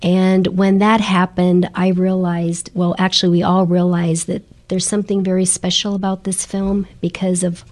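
A woman's voice: on the low side, flat delivery, moderate pace, hardly any pauses, a little mellow. A middle-aged woman, a guest in an interview, telling her stories earnestly and with animation. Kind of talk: storytelling interview chat.

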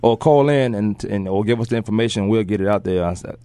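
Fast-talking joking radio host, dry sound. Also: male voice, fairly low pitch, warm tone, smooth, no echo. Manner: joking, rambling, lots of fillers. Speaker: radio sports show host. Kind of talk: casual talk radio chat. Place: radio studio.

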